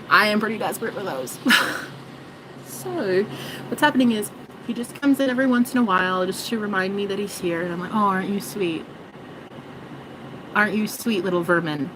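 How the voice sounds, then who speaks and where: A woman's voice: mid-range voice, brisk, background noise. A woman vlogging in a rambling, joking monologue, swearing and mocking herself. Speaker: spiritual vlogger.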